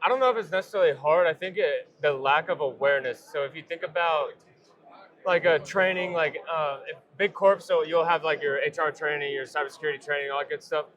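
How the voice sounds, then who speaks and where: A man speaking as a startup founder being interviewed at a convention, relaxed and rambling, with many fillers and restarts. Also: a little high, fairly quick. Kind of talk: casual trade-show interview. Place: busy convention floor.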